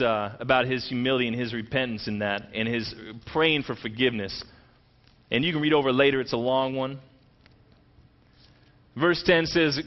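A man preaching a sermon, retelling a scripture story in animated, conversational language and acting out the quoted lines. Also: medium pitch, dull audio. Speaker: pastor.

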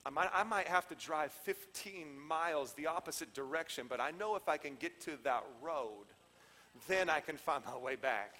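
Man, pastor, preaching, shifts from shouting to quiet, bright tense tone, reverberant church hall. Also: a little high, moderate pace, a little hiss or hum. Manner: conversational preaching, swings from shouting to hushed. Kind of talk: sermon.

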